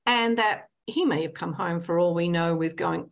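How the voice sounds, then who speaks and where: A woman counsellor and hypnotherapist talking in an interview, animated, often acting out little scenes and adding "right?" to her points. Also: on the low side, moderate pace, gravelly. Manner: animated, acts out little scenes with lively voices; frequent tag "right?". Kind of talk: conversational interview.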